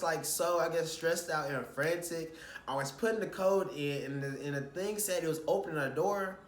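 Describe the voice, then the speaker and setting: A man's voice: on the high side, reverberant. A young man telling a casual vlog story about a stressful shoot, rambling and swearing as he recounts his frustrations. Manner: rambling, animated, swears when retelling frustrations.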